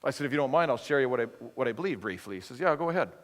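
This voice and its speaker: A man preaching a sermon as a lively, conversational story, acting out both sides of a dialogue. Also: mid-range voice, very fast. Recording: long hall reverb.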